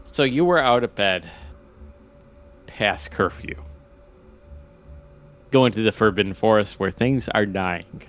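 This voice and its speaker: A fairly low-pitched male voice with faint music behind it. He co-hosts a podcast, chatting casually about a book in a book club style, joking along and acting out characters in quick asides.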